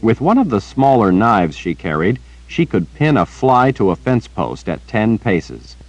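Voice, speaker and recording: A man narrates a fantasy audiobook in a very deep voice that still moves a lot in pitch. His delivery is steady storytelling, recorded close with a dry, dead sound. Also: unhurried, dry recording, poor audio. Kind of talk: scripted narration.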